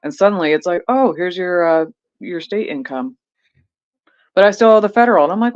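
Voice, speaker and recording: Woman veteran, profane animated storyteller, casual stream chat, dull lo-fi audio. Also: lowish voice, brisk. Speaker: veteran co-host. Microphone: video call.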